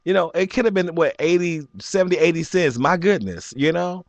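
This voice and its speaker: A man in his forties telling a story in an animated rant, laughing often and jumping up high when he quotes people. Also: a little fast, dry recording. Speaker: vlogger.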